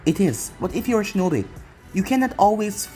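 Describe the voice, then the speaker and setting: A protective ninja mother, firm and caring, lecturing her son in quick, earnest lines, as a reader puts her on. Her voice stays close to the storybook narration. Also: medium pitch, big pitch swings, warm tone, soft background music, close to an everyday voice.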